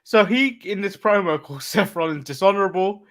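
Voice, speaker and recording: A man from England with an English accent, co-hosting a podcast and recapping wrestling step by step with frequent "uh" pauses and chuckles. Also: high voice, fairly bright tone. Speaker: podcast co-host. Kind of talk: casual wrestling recap chat.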